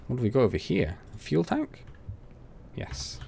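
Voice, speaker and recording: Playing a farming game for his gaming channel, this young host keeps up a chatty, rambling commentary full of self-mockery. His medium-pitched voice swings hugely in pitch, moves at a measured pace, and sounds creaky yet mellow, with a bit of noise behind it.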